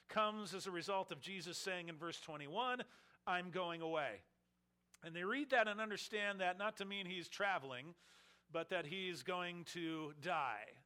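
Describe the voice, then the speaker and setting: A man's voice: high-pitched, moderate pace. A man preaching an expository sermon, acting out the questioners' mocking lines as he explains the text. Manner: animated, acts out the questioners with mocking voices. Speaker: pastor.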